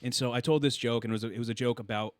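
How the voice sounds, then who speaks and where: A man's voice: mid-range voice, fairly even intonation, very fast, no room sound. A young adult man co-hosting a podcast, telling loose comic stories with frequent laughs. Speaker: podcast co-host. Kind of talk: casual podcast chat.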